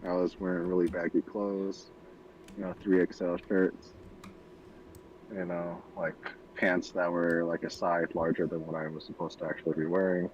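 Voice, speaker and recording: Streamer, man, 30s, very low voice, loose laughing storyteller. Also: level tone, moderate pace, muffled recording, slight background noise. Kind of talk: casual chat over gameplay.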